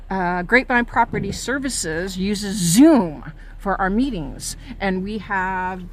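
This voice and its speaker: A woman's voice: fairly low pitch, fairly bright tone, a little hiss or hum. Indignant woman filming her park outdoors. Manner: indignant, accusing, points things out as she walks. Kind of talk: walking tour vlog with complaints. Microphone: phone camera held while walking.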